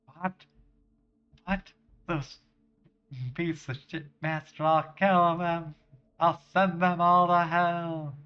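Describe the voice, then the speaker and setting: A man voicing a nervous young woman who leads a gang, reading her lines haltingly in his own voice. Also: medium pitch, highs cut off, natural voice. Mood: furious.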